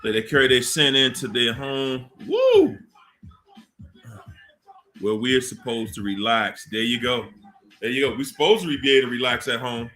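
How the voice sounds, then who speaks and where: A man hosting a casual livestream, slowly reading out names from the chat with warm laughs. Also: medium pitch, fairly even intonation. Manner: slow, drawn-out shout-outs with laughs. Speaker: livestream host.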